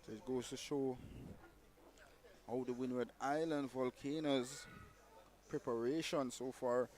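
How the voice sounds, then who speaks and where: A man giving live cricket co-commentary in a calm, steady summarizing manner. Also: mid-range voice, a little slow.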